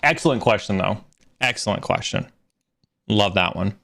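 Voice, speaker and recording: A man's voice: lowish voice, normal speed, vocal fry. A middle-aged man hosting a casual livestream Q&A, answering career questions and telling stories with lots of fillers and restarts. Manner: animated storyteller, fillers and restarts.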